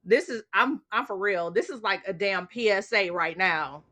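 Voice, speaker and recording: A woman's voice: medium pitch, normal speed, sharp tone. A woman hosting a casual late-night livestream chat, talking straight to her viewers and laughing often. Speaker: livestream host.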